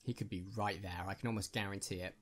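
A man's voice: sits low, fairly even intonation, quick pace. A man hosting a gaming channel, giving casual, jokey commentary on his own gameplay and chatting with viewers.

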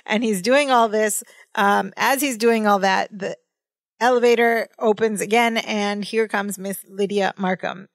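A woman's voice: mid-range voice, steady tone, measured pace, no room sound. A woman co-hosting a podcast, casually retelling a sitcom scene and laughing as she quotes lines. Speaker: podcast co-host. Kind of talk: casual recap chat.

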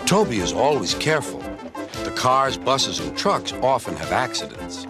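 A man reading a children's storybook aloud as narrator, in a gentle, expressive way. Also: mid-range voice, moderate pace, music in the background.

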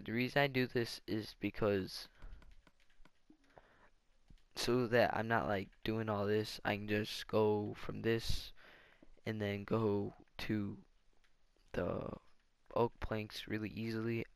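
A man with a low, gravelly voice talks his way through a building game in loose let's-play commentary. He rambles and thinks out loud as he goes. The sound is dry and close. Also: little pitch movement, a little slow, pauses often, no echo. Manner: rambling, thinks aloud while playing. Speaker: gaming channel host.

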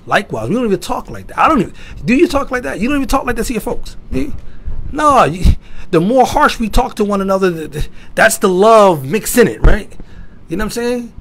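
A man giving an emphatic sermon-style lecture, asking rhetorical questions and swinging from loud to quiet. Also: high-pitched, big pitch swings, fairly quick, a little hiss or hum. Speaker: lecturer at an Islamic institute.

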